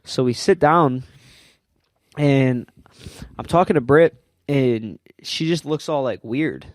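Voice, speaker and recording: A man's voice: medium pitch, slow pace, dry recording, studio quality. A young man co-hosting a podcast, telling a rambling story with lots of "like". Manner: rambling storyteller, heavy use of "like". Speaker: podcast co-host. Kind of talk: casual chat.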